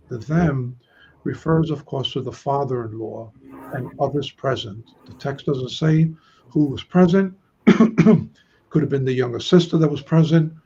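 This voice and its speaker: A man's voice: mid-range voice, a little mellow, slightly rough, muffled recording. A man hosting a Bible study discussion, chatty, reading verses aloud and putting questions to his listeners.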